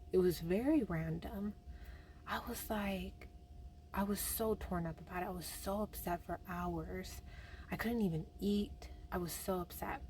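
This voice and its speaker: Young woman, chatty storytelling vlog, lowish voice, faint hiss behind. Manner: chatty, animated retelling with many fillers. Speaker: vlogger. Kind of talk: personal faith vlog storytelling.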